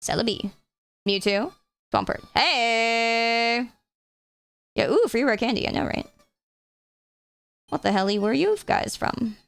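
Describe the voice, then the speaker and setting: A young woman streamer chatting casually while playing games, swearing freely and getting excitable. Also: fairly high pitch, slow pace, vocal fry, pauses often, clear, resonant tone, no room sound. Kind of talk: casual live-stream chat.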